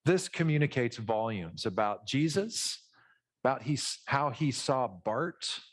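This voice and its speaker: A middle-aged man preaching a conversational, animated sermon, teaching from a Bible passage and acting out voices in asides. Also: mid-range voice, measured pace. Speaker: pastor.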